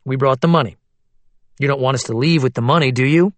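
A man's voice: mid-range voice, fast, dry recording, lightly acted. A man voicing a blunt, stubborn male private investigator.

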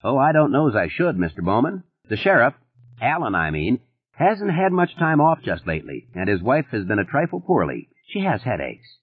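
A bored small-town deputy drawls in a relaxed New England accent, as a male narrator voices him. His delivery is unhurried and comfortable, with a husky edge and a lively lilt, heard through a thin, phone-like band. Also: medium pitch, pitched above the performer's own voice.

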